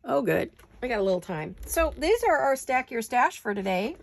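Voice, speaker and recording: Her voice is a little high and gravelly, with big pitch swings at a normal pace, and the recording is very noisy. This middle-aged woman rambles through a casual craft-along chat while working on paper crafts, giggling now and then.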